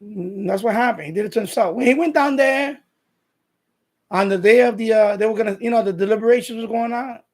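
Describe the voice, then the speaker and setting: Live stream host, New man, husky, profane and combative, casual rant. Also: high voice, a little fast, darkish tone. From New York. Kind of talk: casual ranting monologue.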